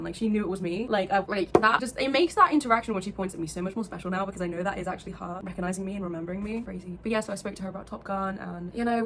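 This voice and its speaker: Gushing young woman, very fast. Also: mid-range voice, a little hiss or hum. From England. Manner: gushing, breathless, lots of "like" fillers. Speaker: vlogger. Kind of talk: casual vlog chat.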